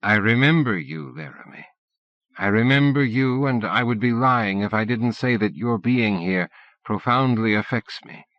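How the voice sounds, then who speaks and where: A man voicing a reflective robot that carries a dead man's memories, in a calm, measured way. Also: on the low side, no room sound. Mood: hesitant. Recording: dull dry cassette-era audiobook recording.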